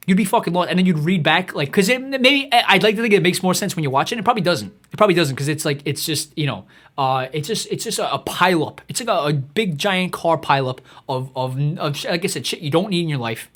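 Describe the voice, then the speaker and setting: A man's voice: a little high, lively intonation, quick pace, fairly bright tone. A man hosting his own podcast, delivering a rambling, profanity-heavy comedic rant that is exasperated and mocking and full of restarts. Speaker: podcast host.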